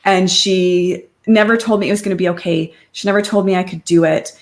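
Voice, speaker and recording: Her voice sits on the low side and moves briskly. A middle-aged podcast guest, she chats frankly about her own life in a candid interview, keeping things open and conversational and voicing her friends' words with lively imitations.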